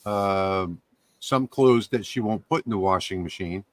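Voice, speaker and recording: A man chatting casually as a guest on a live stream, relaxed and joking. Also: lowish voice, unhurried, no room sound.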